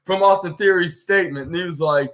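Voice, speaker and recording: A man's voice: sits high, fast, a bit bright. A man hosting a podcast, retelling a wrestling show in a rambling play-by-play way. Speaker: podcast host. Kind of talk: casual wrestling show recap.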